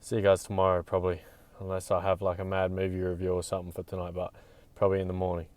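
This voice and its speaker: Deep-voiced and dark in tone, this young vlogger races along in a completely flat delivery. He talks straight to camera, swearing constantly, bluntly, and at times breathlessly.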